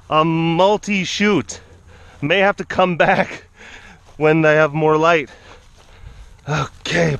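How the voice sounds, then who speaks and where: Fairly high-pitched and fairly bright, a big-cat vlogger keeps up a measured, breathless commentary outdoors. Between remarks he coaxes and chatters to the animals as he goes.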